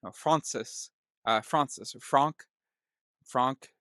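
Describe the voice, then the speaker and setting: A man's voice: mid-range voice, slow pace, fairly bright tone, dry recording, clean studio sound. A man putting on a made-up character, sliding between exaggerated, giggly mock accents. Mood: playful.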